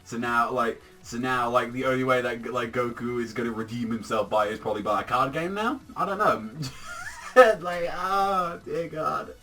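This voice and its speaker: A man giving a casual, rambling episode review, excitable and swearing constantly. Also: mid-range voice, normal speed, faint music behind. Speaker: anime reviewer.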